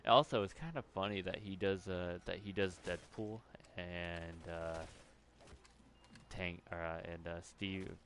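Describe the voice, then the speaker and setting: A man with a low, deep voice talks through a gaming session in a loose, meandering way. He pauses on ums and uhs, restarts his sentences and swears when he forgets what he meant to say. A faint hiss sits behind his voice. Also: fairly even intonation, fairly bright tone. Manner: rambling, many fillers and restarts, swears when losing his train of thought. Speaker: gaming commentator. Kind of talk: casual gameplay commentary.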